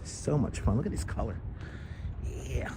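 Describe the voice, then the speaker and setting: New dude, middle-aged, rambling live stream chat outside on a lapel mic, normal pitch, a little street noise. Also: male voice, normal speed. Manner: chatty, reads out and thanks chat viewers. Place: outdoors in a city park, riding a bike. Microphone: wireless lapel mic.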